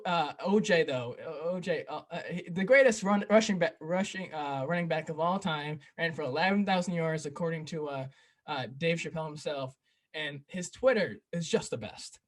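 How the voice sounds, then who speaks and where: A young man hosting a casual podcast chat, retelling comedy bits with quick impressions and laughter. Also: a little high. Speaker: podcast host.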